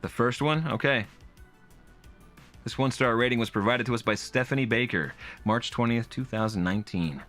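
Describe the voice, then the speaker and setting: A man's voice: mid-range voice, normal speed, fairly bright tone, faint music behind. A man hosting comedic commentary on reviews, with exaggerated reactions and frequent laughs. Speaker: host.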